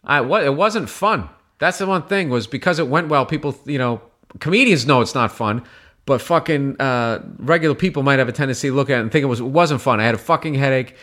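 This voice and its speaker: A man's voice: medium pitch, brisk. A man, a comedian guest, telling a story in casual chat, swearing freely and restarting his sentences as he goes. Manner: profane, animated, rambling with restarts.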